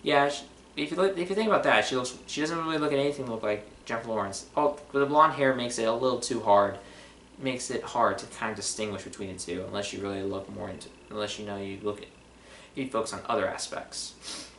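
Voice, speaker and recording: A man's voice: on the low side, fast, a bit bright, slight background noise. A man casually reviewing movie trailers, rambling with lots of fillers and restarts. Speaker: film reviewer. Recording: roomy echo.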